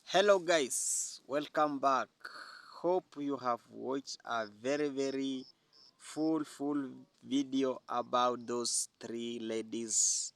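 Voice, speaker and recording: A man hosting a reaction video, commenting in a measured, deliberate way. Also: medium pitch, a bit bright, dry recording.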